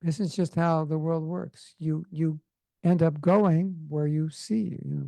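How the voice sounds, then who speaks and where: A man's voice: on the high side, fairly even intonation, a little slow, vocal fry, mellow, no room sound, rough recording. A man with a Californian accent giving an informal devotional class, talking conversationally with joking asides. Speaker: spiritual teacher.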